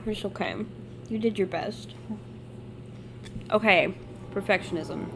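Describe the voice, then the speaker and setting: A woman in her twenties co-hosting a podcast in casual chat, playful and jokey, quick to laugh. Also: medium pitch, creaky, noisy background. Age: 20s. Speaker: podcast co-host.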